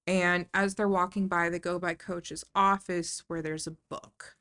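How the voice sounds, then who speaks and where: A woman's voice: on the low side, level tone, unhurried, a bit bright. A woman co-hosting a podcast, recapping a film casually with fillers and restarts. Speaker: podcast co-host. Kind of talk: casual movie discussion.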